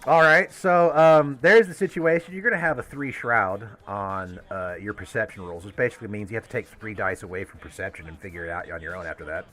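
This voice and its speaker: A man running a tabletop game as game master, narrating with a lively manner and frequent laughs. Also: fairly low pitch, a little fast, hardly any pauses.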